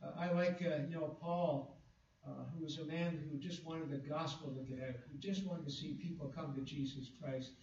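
A man preaching a sermon, reading scripture slowly and with emphasis, with fillers and restarts. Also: fairly high pitch, a little mellow, a little hiss or hum. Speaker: pastor. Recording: echoey, distant, dull room recording.

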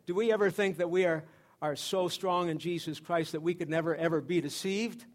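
A man's voice: high voice, fairly even intonation, a little fast. A middle-aged man giving a sermon in church as a pastor, conversational, with repeated phrases and restarts.

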